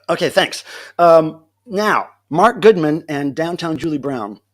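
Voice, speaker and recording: A man hosting a livestream from home, telling a story in a casual, animated way, laughing often and acting out what people said. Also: on the high side, takes it slowly. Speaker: livestream host. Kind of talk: casual storytelling to a live chat.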